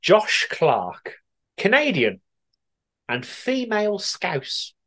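A man's voice: high voice, huge pitch swings, very slow, a bit bright. A man hosting a podcast, chatty and giggly as he reads listener answers in casual chat. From West Midlands, England. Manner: chatty and giggly, often laughing and swearing. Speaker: podcast host.

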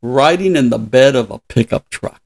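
A man's voice: medium pitch, animated, normal speed, vocal fry. A man in his sixties, a podcast host, chatting casually and laughing often as he retells stories. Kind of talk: casual chat.

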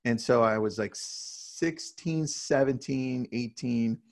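Casting: man, gravelly mid voice, chatty real estate team leader, keeps checking in with "right?". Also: medium pitch, slow. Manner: energetic storyteller, many "right?" tags. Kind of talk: casual interview talk.

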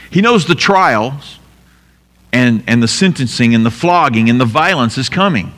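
A pastor giving an emphatic sermon, asking rhetorical questions and repeating key lines. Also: male voice, medium pitch, very animated, normal speed, fairly bright tone, in a large hall.

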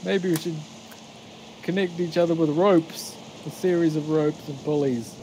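A player at a tabletop game, making playful, deadpan suggestions. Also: medium pitch, a little slow, slight background noise, low-quality recording. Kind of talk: casual tabletop play.

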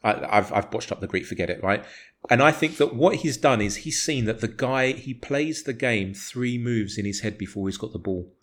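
A man of medium pitch and normal speed co-hosts a casual football podcast. He talks passionately, argues his point hard, and swears freely.

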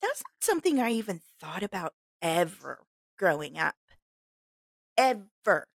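A woman from Missouri, co-hosting a podcast and telling animated stories in casual chat. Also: lowish voice, unhurried, gravelly, no room sound. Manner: animated storyteller who acts out quotes. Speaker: podcast co-host.

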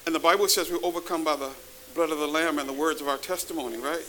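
A man preaching a sermon to a live congregation, animated, calling out to the audience and rising to shouts. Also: on the high side, fast, a little hiss or hum, low-quality recording. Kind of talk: sermon with testimony. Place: church before a live congregation.

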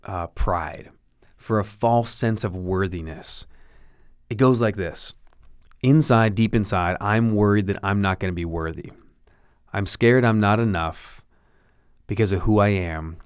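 A middle-aged man with a low voice speaks earnestly into a close microphone, a podcast host giving a motivational monologue. His tone is encouraging and a little preachy. The sound is dry, with no room around it. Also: no room sound.

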